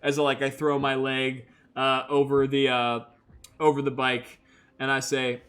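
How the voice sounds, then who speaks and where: A man's voice: medium pitch, monotone, measured pace, fairly bright tone. A young man narrating a solo tabletop game as game master, talking casually with many fillers. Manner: casual, filler-heavy storytelling.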